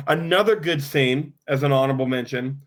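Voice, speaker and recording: A man's voice: mid-range voice, brisk. A man hosting a movie podcast, reading trivia and chatting casually with some swearing. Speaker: podcast host.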